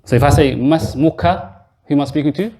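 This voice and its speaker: A man's voice: a little high, very fast, warm tone. Man teaching a patient grammar class. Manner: patient, explains step by step and quizzes students. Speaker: Arabic teacher. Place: mosque classroom.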